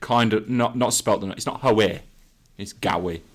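A man's voice: on the low side, normal speed. A man co-hosting a podcast, quizzing his co-host on dialect words and acting them out in phrases, laughing often. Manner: playful, laughs a lot, reads words out then acts them in phrases.

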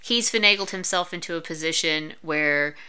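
A woman co-hosting a podcast who walks through a story in detail. Her voice sits low for a woman and sounds bright. Her delivery is relaxed and conversational. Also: normal speed, clean tone. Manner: recaps plots in detail. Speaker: podcast co-host. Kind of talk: casual chat.

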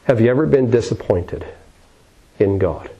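A man's voice: fairly low pitch, lively intonation, normal speed, slightly rough, dull audio. A man preaching a sermon in a dramatic style, repeating phrases with rising and falling emphasis.

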